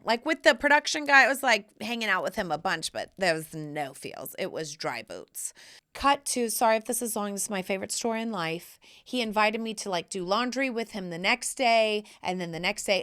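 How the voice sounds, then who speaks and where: Bright, animated woman podcast host. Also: normal speed, clean tone. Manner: animated, acts out quotes with big pitch jumps. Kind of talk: casual storytelling.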